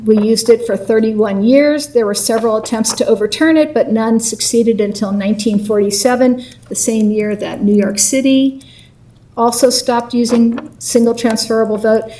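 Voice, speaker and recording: A woman's voice: on the high side, steady tone, moderate pace, warm tone, recorded from a distance, low-quality recording. A woman giving a prepared public comment, earnestly advocating a voting reform.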